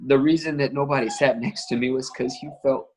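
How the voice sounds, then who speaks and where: A man from Texas, a guest, speaking haltingly as he holds back tears. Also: medium pitch, fairly even intonation, a crowd in the background. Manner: halting, apologetic. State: emotional, holding back tears. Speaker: guest, father.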